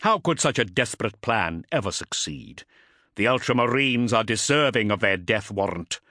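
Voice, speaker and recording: A man's voice: fairly low pitch, animated, normal speed, sharp tone. A man voicing an arrogant male warship commander who snarls out clipped commands in a storybook reading. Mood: scornful.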